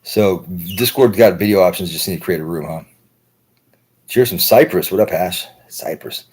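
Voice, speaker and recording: A low, husky-voiced American man hosts a livestream, delivering a rambling, casual monologue at normal speed. He swears freely and keeps tacking "right?" onto his sentences, his deep, slightly raspy tone relaxed and conversational.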